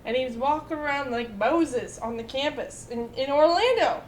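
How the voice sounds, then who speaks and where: A woman in her twenties chatting casually, telling lively stories full of fillers and quoted voices. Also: high-pitched, normal speed, echoey room, a little hiss or hum. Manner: animated storytelling with many fillers and quoted voices. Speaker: storyteller in casual chat. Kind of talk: casual chat.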